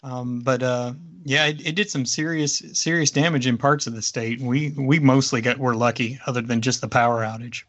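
Bright-voiced man rambling casually. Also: mid-range voice, steady tone, moderate pace, few pauses. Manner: rambling, hesitant with many fillers. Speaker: podcast co-host. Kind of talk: casual chat. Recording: slightly dull lo-fi audio.

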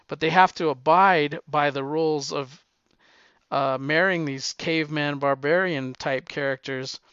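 A man's voice: mid-range voice, fairly bright tone, smooth, no echo, muffled recording. A young man casually retelling a story, chatty and amused, with plenty of fillers.

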